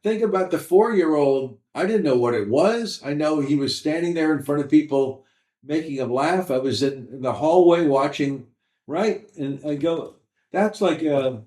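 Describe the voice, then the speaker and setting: A stand-up comedian in his sixties, telling animated stories from his career in an interview. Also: fairly high pitch, moderate pace. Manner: animated anecdotes, mimics voices in quotes. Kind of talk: storytelling interview. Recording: roomy echo.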